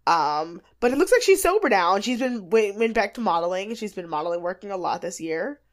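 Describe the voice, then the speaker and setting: Her medium-pitched voice moves fairly quickly as she co-hosts a podcast. Recapping a reality show, she stays animated and chatty, with plenty of fillers in her casual talk.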